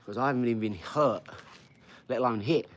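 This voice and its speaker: A man's voice: mid-range voice, fairly quick. A middle-aged man hosting a casual live stream, boastful and chatty as he talks straight to his viewers. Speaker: live stream host and boxer.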